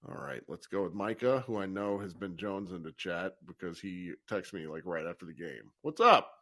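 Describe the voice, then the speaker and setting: A man's voice: sits low, fairly quick, no room sound, clean studio sound. A man hosting a live call-in podcast, chatting casually, joking and laughing as he brings up callers. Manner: animated, laughs and swears, runs the caller queue. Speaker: podcast host running a live call-in show. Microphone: live audio app.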